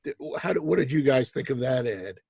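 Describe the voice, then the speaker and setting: A man hosting a panel discussion, asking the guests questions in a measured way. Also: mid-range voice, lively intonation, creaky, a little mellow, husky, no echo. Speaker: host.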